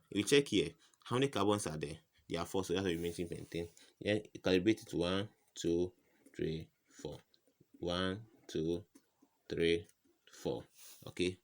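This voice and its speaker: A low-pitched man from West Africa tutors chemistry in an informal lesson. He fires rhetorical "what?" questions at the viewer and repeats each answer.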